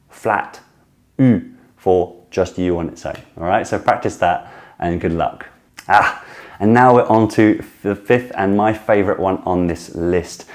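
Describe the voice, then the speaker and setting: Guy teaching french sounds, kinda low mellow voice, repeats each sound slow and keeps encouraging you. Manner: demonstrates sounds slowly and repeats them, encouraging. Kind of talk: casual video lesson with drills.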